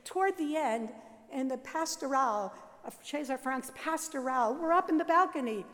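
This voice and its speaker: An older woman, a Catholic nun, telling her life story in a lively, laughing way and acting out the sounds and voices in it. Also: sits high, moderate pace, long reverb tail. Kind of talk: animated personal storytelling.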